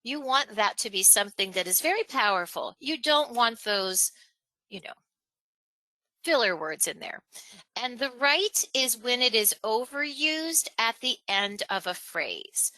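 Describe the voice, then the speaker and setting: Bright-voiced woman coaching a webinar. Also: a little slow, no room sound, rough recording. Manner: animated, acts out examples in a higher voice, laughs between points. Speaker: webinar presenter. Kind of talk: live webinar coaching on presentation skills. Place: online webinar, home or office.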